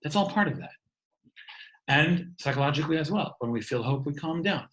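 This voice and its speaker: A man's voice: a little high, animated, a little fast, a bit bright, rough recording. A man in his thirties giving an earnest inspirational talk over a video call from home, often repeating words as he goes. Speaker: speaker giving an online talk. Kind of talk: warm inspirational talk to an online audience.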